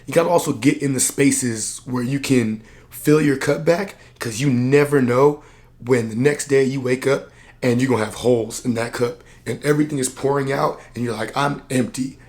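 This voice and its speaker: Worn-out guy venting to his camera, earnest coach vibe, lots of "like", mid pitch. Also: normal speed, darkish tone. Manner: earnest, reflective, plain-spoken with many "like" fillers. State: drained and low on energy. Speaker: personal development coach and vlogger. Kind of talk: candid vlog monologue to camera.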